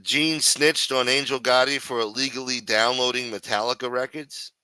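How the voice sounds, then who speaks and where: A man's voice: mid-range voice, fairly even intonation, moderate pace, bright, forceful tone, clean tone, no room sound. A man hosting a live stream, ranting and swearing constantly in an irritated, complaining way. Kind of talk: casual profane rant reacting to a stream.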